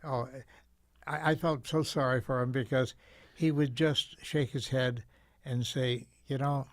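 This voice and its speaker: An older man, a guest on a talk show, telling a story in a gentle, reflective way with frequent repeats. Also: medium pitch, steady tone, unhurried, no echo, studio quality.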